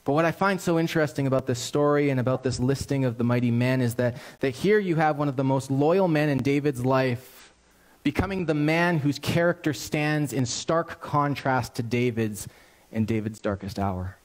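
A man preaching in a conversational, story-driven sermon style, with a middle-pitched voice. He sounds animated and earnest as he moves from the story to direct appeals to the listeners. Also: moderate pace. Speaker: pastor.

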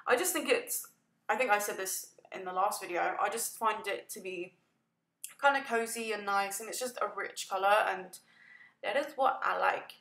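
A woman's voice: mid-range voice, pushed and bright. Chatty woman rambling over a game build, laughs a lot, kinda echoey room. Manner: chatty and rambling, laughs and yawns often, self-deprecating. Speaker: gaming video creator narrating a build. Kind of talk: casual voice-over commentary.

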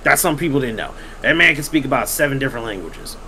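A man's voice: mid-range voice, very fast, a little hiss or hum, rough recording. A man hosting a podcast, telling a long story casually with lots of swearing and acting out what other people said. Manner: animated, profane, acts out quoted people.

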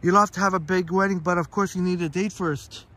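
Strolling outdoors in a park, this man runs a casual live stream on his phone, reading out viewer comments and replying to people by name. His voice is high and steady, and he talks briskly. The recording is very noisy.

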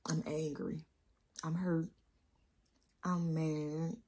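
New mom vlogging, low husky voice, rambling and candid. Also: female voice, flat delivery, dark tone. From New Orleans. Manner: candid, rambling, slow with many pauses. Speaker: vlogger, mother. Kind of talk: emotional casual vlog talk.

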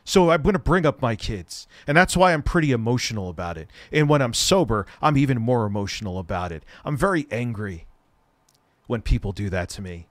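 A man hosting a livestream, ranting angrily with lots of profanity and sudden bursts of shouting, and he says he is stoned. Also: mid-range voice, lively intonation, a little fast, no echo. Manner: profane, angry, shouting at times. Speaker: livestream host. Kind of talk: heated livestream rant.

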